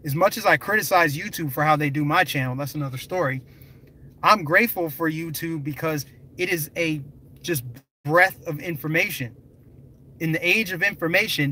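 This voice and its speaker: Young guy on a live stream, bright forceful voice, kinda high, leans hard on his points. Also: low-quality recording. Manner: emphatic, conversational, addresses viewers directly. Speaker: political vlogger.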